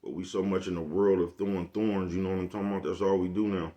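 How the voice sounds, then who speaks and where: Deep-voiced guy vlogging, laid back, swears a lot, keeps asking if u get him. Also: fairly even intonation, quick pace, mellow. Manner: laid-back, profane slang, keeps checking in with the listener. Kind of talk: casual monologue.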